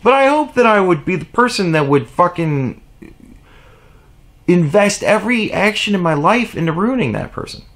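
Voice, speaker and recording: High, swinging man ranting profanely. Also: very animated, moderate pace, fairly bright tone. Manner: sarcastic, mocking asides. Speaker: vlogger. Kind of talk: opinion vlog rant.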